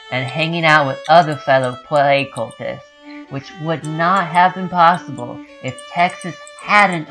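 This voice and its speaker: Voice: mid-range voice, fairly bright tone. A podcast host reading a small-town Texan mother's online post aloud, mock-solemn, in a put-on accent. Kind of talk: comedic reading of a social media post.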